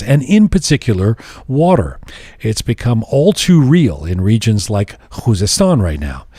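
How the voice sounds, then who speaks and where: Male podcast host, earnest and measured, mid-pitched, dry close sound. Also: mellow, dry recording. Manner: measured, earnest, with some restarts when speaking off script. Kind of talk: scripted introduction then interview.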